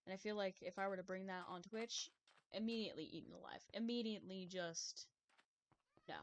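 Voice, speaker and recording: A woman's voice: medium pitch, noisy background. A woman streamer chatting casually while she plays a game, rambling, laughing often and cutting herself off to restart her sentences. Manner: rambling, chatty, giggly, many self-interrupting restarts. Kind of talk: casual live-stream chat while gaming.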